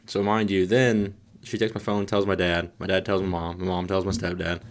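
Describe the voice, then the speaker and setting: Low-voiced man telling rowdy stories. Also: moderate pace. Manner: profane, animated storyteller acting out voices. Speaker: podcast co-host. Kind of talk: casual storytelling chat.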